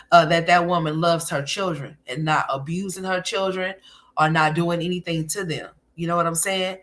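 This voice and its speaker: A woman's voice: deep voice, a bit bright. A woman hosting casual commentary, candid and emphatic, often calling listeners honey. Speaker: commentary channel host.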